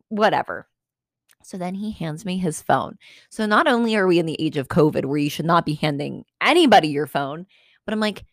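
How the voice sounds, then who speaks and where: A young adult woman hosting a podcast, telling a story in a casual, animated way with sarcastic, swearing asides. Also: lowish voice, moderate pace, dry recording, clean studio sound. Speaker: podcast host.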